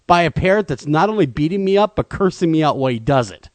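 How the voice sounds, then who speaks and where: A man co-hosting a talk radio show, telling a comedic, self-deprecating story in an animated way. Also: a little high, fast talker, no room sound.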